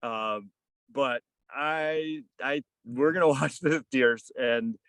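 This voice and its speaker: A man's voice: medium pitch, slow, fairly bright tone, clean tone, dry recording. A man in his thirties or forties, a podcast guest, telling a casual story in a rambling way full of "kinda" and "like.". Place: on a fishing boat.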